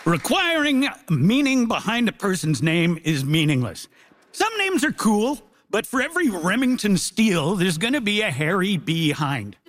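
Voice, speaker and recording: A man arguing a comic case on a debate show, animated and jokey. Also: sits high, moderate pace, a faint crowd, slight background noise. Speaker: comedian debater. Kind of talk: stand-up style argument.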